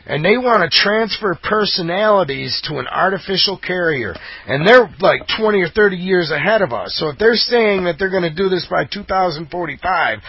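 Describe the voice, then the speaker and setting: Gravelly guy going off on a rambling rant, kinda higher voice, dry muffled audio. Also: dry recording. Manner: fired-up, rambling, emphatic. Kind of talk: impassioned conspiracy monologue. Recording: dull lo-fi audio.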